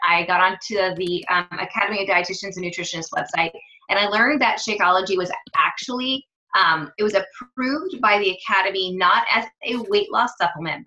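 A woman's voice: mid-range voice, bright, forceful tone. A woman fitness coach telling a story in a chatty, rambling way, often correcting herself mid-sentence. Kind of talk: casual storytelling monologue. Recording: dull lo-fi sound.

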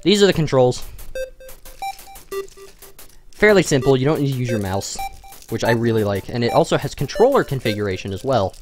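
A man's voice: medium pitch, sing-song, fairly quick, long pauses. Rambling, joking young male gamer. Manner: joking, rambling, self-mocking. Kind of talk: let's play commentary. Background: game music.

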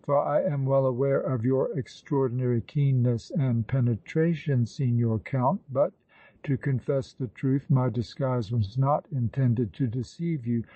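A bold brigand chief speaks with unruffled composure, as a male audiobook narrator voices him. The voice is mellow and dark, on a dry and slightly dull recording. His delivery is deliberate and self-assured. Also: medium pitch, breathy edge, dry recording. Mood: composed.

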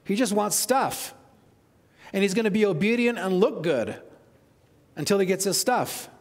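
Man, pastor, sermon, high voice, animated, conversational, long church reverb. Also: measured pace. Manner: animated, conversational, asks the congregation questions. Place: church sanctuary.

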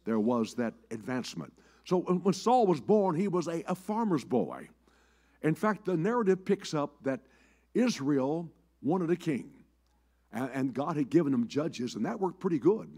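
A man's voice: a little high, moderate pace, breathy edge. An older man preaching a sermon in a church, telling folksy farm stories and often repeating his words as he starts a sentence. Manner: folksy storytelling, repeats words, lively rises and drops. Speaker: bishop preaching. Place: church sanctuary.

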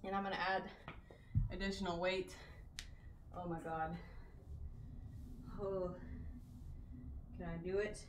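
A woman's voice: mid-range voice, level tone, moderate pace, pauses often, a little hiss or hum. Chatty woman streaming her workout, far from mic. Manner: chatty, counting reps between breaths. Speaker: fitness streamer. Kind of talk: live-streamed workout chat. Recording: roomy sound, mic at a distance.

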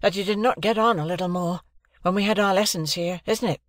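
A man's voice: sits high, brisk, no echo, studio quality, pitched above the performer's own voice, natural voice. A man voicing an earnest young man newly come into fortune, speaking eagerly with a slightly lofty air.

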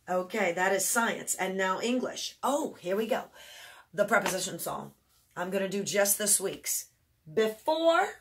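A woman's voice: mid-range voice, a bit bright. Chatty woman teaching with hand signs. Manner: chatty, self-correcting, chants and sings words while showing hand motions; mild faith phrases. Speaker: homeschool teacher reviewing memory work. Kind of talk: casual instructional walkthrough.

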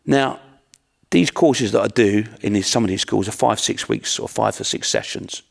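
A middle-aged martial arts instructor tells stories in an earnest, plain-spoken talk, repeatedly asking rhetorical questions. His voice is fairly low with vocal fry, and he speaks at a moderate pace.

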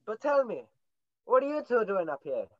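A woman voicing a small, cheerful male teddy bear who is slightly Irish, polite, chatty and playfully growling, in a high school stage play. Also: sing-song, moderate pace, no echo, highs cut off. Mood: friendly.

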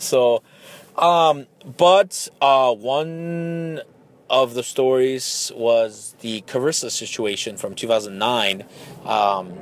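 A man's voice: medium pitch, slight background noise. A man in his thirties hosting a podcast, telling a casual rambling story with lots of fillers and restarts. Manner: rambling, many fillers and restarts, animated when excited. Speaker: podcast host.

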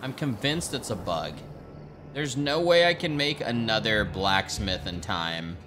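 A male streamer ranting through a strategy game, his pitch swinging wide as he swears at everything. He talks at an unhurried pace, and game music plays clearly behind him. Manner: profane, ranting, animated. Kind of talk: live gameplay commentary.

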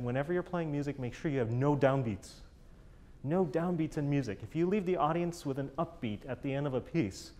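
In a master class, a man with a mid-range, slightly mellow voice coaches a chamber ensemble. He is encouraging and enthusiastic, singing out rhythms with syllables.

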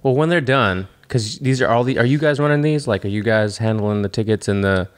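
A man co-hosting a podcast, chatting casually and asking short, quick questions. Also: medium pitch, clean tone. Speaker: podcast co-host.

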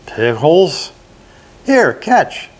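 A man's voice: fairly high pitch, big pitch swings, extremely slow, voice pushed up, full character voice. An older man voicing a bold, clever young hero. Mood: sly.

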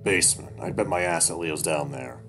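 A man voicing a cautious male furry creature companion in a read-aloud story, speaking in a hushed, terse way. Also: a bass voice, normal speed, gravelly, over music. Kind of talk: audiobook-style story reading.

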